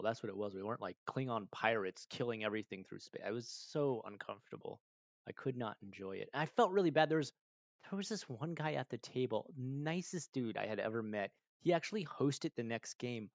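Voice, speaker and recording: A man's voice: medium pitch, vocal fry, no echo, muffled recording. A man chatting casually on a live stream, rambling through a story with many fillers and acting out other people's lines. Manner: rambling, animated, many fillers, acts out quotes. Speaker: streamer answering viewer questions.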